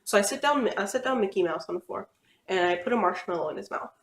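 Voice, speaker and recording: A woman's voice: medium pitch, lively intonation, fast talker. A young woman telling personal stories in a rambling, chatty way, with lots of fillers. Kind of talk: casual storytelling. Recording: echoey room.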